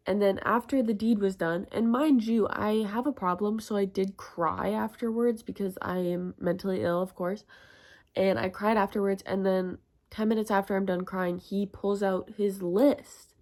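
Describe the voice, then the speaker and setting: A young woman chatting through a casual storytime with a gravelly, fry-laced voice. She talks in a crude, self-mocking way, leaning on "like" at every turn, at an ordinary middle pitch. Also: darkish tone. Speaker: vlogger.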